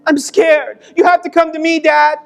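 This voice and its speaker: A preacher voicing a frightened five-year-old boy who pleads high and loud for his father. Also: flat delivery, rapid-fire, creaky, soft background music. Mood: scared, pleading. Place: church sanctuary.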